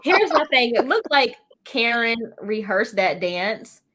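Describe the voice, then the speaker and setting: Chatty woman hosting a gossip recap. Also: a little high. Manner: animated, gossipy, quick asides. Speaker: podcast host. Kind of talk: casual recap chat.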